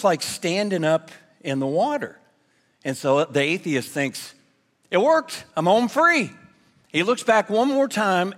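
A man preaching to his congregation, trading jokes for earnest warnings. His voice sits high for a man and carries a long reverb through the church hall. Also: a bit bright. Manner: playful, then earnest. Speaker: pastor. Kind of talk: sermon with jokes. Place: church sanctuary.

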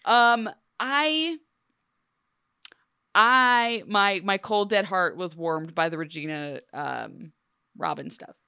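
A woman co-hosting a casual TV recap chat, sarcastic and animated, with many "like"s. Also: mid-range voice, takes it slowly, clean tone, no echo, studio quality. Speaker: podcast co-host.

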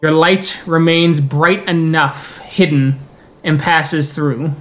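A man running a tabletop role-playing game as storyteller, mixing unhurried scene narration with quick rules calls. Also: fairly high pitch, steady tone.

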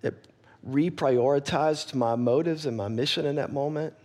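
A man preaching a sermon as pastor, earnest and candid, often checking in with his listeners and growing soft and quiet when he gets personal. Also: on the high side, normal speed. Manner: earnest, candid, asks the congregation for agreement.

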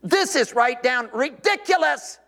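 An animated pastor preaches, his unusually high voice swinging widely and climbing into shouts for emphasis. Long reverb from the church hall hangs on his words. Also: unhurried, vocal fry. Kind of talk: sermon.

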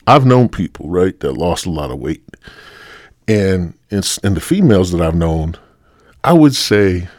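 A man's voice: deep voice, darkish tone, no room sound, studio quality. A male podcast host rambling bluntly through a profane solo rant. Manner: rambling, heavy swearing, blunt.

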